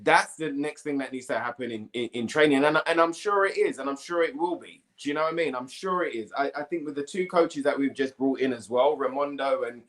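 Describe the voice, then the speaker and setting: A man of medium pitch rambles through his views in a casual football podcast chat. He keeps checking that the others follow him and circles back to his point. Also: fairly quick, few pauses, a bit bright. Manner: rambling, keeps asking "do you know what I mean". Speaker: pundit guest.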